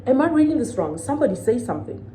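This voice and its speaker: An indignant woman in her thirties vents straight to the camera, hammering her points home and throwing questions at her viewers. Her voice is mellow and warm, sitting at a middling pitch for a woman. A faint hiss runs under the recording. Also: very animated, rapid-fire, low-quality recording. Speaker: vlogger. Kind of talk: venting storytime to camera.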